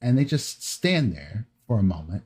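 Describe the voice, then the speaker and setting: Guy running a tabletop game, low mellow husky voice, loose rambling narration. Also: normal speed. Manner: relaxed, rambling narration with fillers. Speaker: game master.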